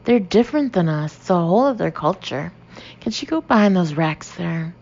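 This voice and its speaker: A woman's voice: on the low side, animated, normal speed, a little mellow, lo-fi sound, slight background noise. A woman voicing a brash, chatty young American woman shopper in an audiobook, blunt and emphatic.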